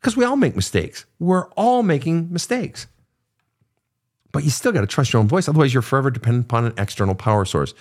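A man's voice: mid-range voice, brisk. A middle-aged man hosting a podcast, giving blunt, profane advice to listener questions in a casual monologue. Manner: blunt, profane, animated storytelling.

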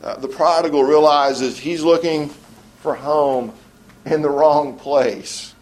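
A male pastor preaching a sermon, often restarting his phrases and slowing to stress key words, letting sentence ends fall low and quiet. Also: fairly even intonation.

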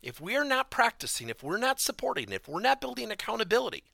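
A man's voice: very high voice, big pitch swings, quick pace, gravelly, sharp tone, no echo, clean studio sound. A man giving a motivational business talk as a corporate coaching trainer, stressing key words emphatically and theatrically.

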